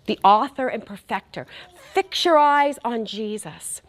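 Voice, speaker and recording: A woman's voice: a little high, measured pace. A middle-aged woman giving a faith talk, telling a story with animation and speaking directly to the crowd.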